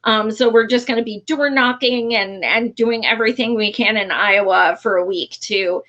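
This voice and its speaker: A woman hosts a casual political talk show, chatting in a bubbly way and breaking into laughter often. Her voice is bright and forceful. The audio sounds a bit dull and lo-fi. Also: on the high side, normal speed. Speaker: podcast host.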